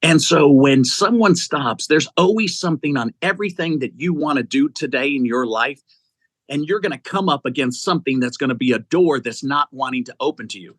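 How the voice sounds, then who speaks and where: With a medium-pitched, brisk delivery and no echo, a middle-aged man who heads an executive search company recounts stories as an interview guest. He's an animated narrator, acting out the quotes himself.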